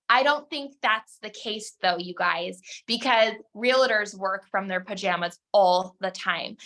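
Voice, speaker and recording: Bright, emphatic woman coaching a team. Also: on the high side. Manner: direct, emphatic, talks straight to her listeners. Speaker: network marketing team coach. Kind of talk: motivational team call talk.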